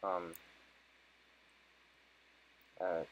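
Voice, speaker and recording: Very slowly and in a level tone, a young gamer with a low voice narrates his play session. His let's-play commentary is loaded with swearing, frustrated and joking by turns, and the audio is poor.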